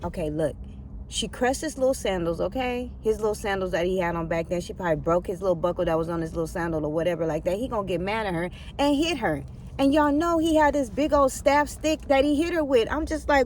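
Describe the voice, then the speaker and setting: A woman retelling a Bible story in a casual, chatty way, with lively asides to her listeners. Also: mid-range voice, a little fast, a little hiss or hum. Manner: animated, chatty asides to the audience.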